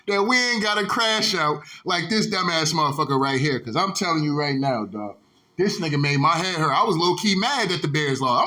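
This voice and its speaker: A man's voice: on the high side, expressive, moderate pace, sharp tone. A man hosting his own sports vlog, ranting in a heated, profane, repetitive way and throwing "dog" into nearly every sentence. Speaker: sports vlogger.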